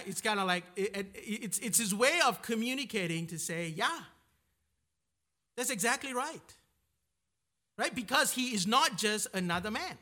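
A man with a high, bright voice teaches a Bible passage in an informal sermon. He keeps asking "right?" and circles back with frequent restarts and repeated words.

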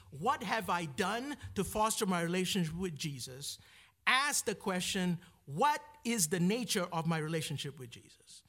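High-voiced preacher checking in with listeners. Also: male voice, a bit bright. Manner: keeps asking "right?" to the listeners; repeats words while searching for phrasing. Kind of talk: sermon.

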